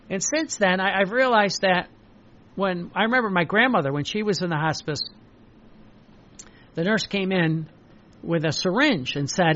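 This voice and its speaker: High-voiced older priest preaching haltingly. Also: male voice, a bit bright. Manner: halting, repeats words, many fillers. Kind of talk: preaching with personal stories. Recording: dull lo-fi recording.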